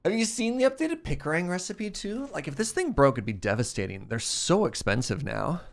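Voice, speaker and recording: A man's voice: fairly high pitch, very animated, brisk, gravelly. Chatty man streaming a game. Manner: chatty, laughs often, talks to chat. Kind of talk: casual chat while gaming.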